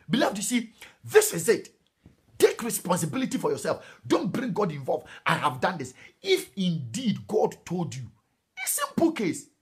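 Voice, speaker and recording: Emphatic Ghanaian preacher, husky voice. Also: male voice. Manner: emphatic preaching, switching into Twi, bursts of high exclamations. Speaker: pastor. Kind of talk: sermon.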